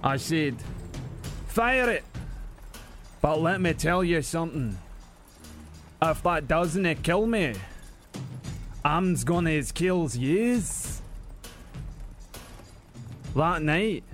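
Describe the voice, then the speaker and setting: A man's voice: a little high, expressive, extremely slow, pauses often, fairly bright tone, faint music behind, pitched above the performer's own voice, heavily acted. A man voicing a boastful old male warrior who tells a swaggering tall tale in a broad, put-on brogue.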